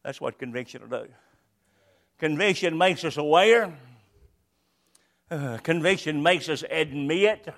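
Older male preacher, high voice, repeats his points hard, then drops to near-whisper. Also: animated, a little slow, pauses often. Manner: emphatic, repetitive, swings between loud and hushed. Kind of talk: sermon.

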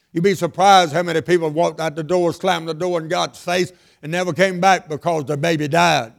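Gravelly older preacher. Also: male voice, a little high, steady tone, moderate pace, few pauses. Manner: emphatic, repetitive preaching with sudden loud and hushed lines. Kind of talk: sermon.

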